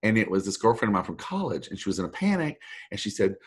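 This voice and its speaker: A middle-aged man, a voice actor guest telling a long story in a rambling, animated way and acting out the people he quotes. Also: on the low side, fast talker, husky. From Texas. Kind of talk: storytelling anecdote.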